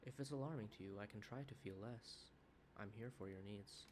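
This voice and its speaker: A gentle AI companion program, put on by a man, earnest and sweet in a put-on accent. The voice sits fairly low, with a faint hiss behind it. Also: brisk, close to an everyday voice.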